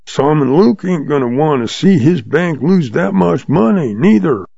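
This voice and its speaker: A man voicing a calm, sly old western outlaw who talks in a patient folksy drawl, in a storybook reading. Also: on the high side, unhurried, creaky, husky, no echo, pitched above the performer's own voice, full character voice. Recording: dull lo-fi sound.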